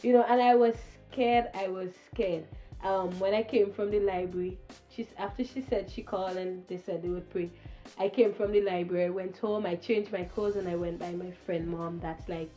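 A woman's voice: medium pitch, fairly even intonation, normal speed, dark tone, highs cut off, faint music behind. A young woman of about twenty, a guest telling her story earnestly on a radio interview, giggling now and then. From Saint Vincent.

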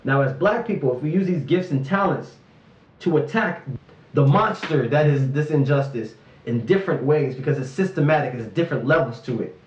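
A man's voice: fairly high pitch, animated, fairly quick, a little mellow, reverberant, highs cut off. A man in his twenties from North Carolina, speaking candidly and emphatically in an interview, frustration and passion running through his words. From Raleigh, North Carolina. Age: 20s. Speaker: interviewee, student activist.

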